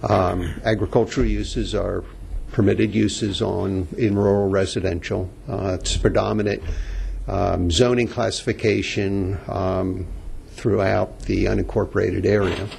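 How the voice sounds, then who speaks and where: Low gravelly guy, um-ing through zoning stuff, faint hum behind. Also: flat delivery, measured pace, darkish tone. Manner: hesitant, explanatory, many fillers.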